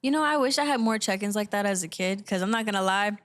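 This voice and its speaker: A woman hosting a casual podcast chat, telling animated stories, swearing freely and acting out voices from her childhood. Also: medium pitch, fast talker.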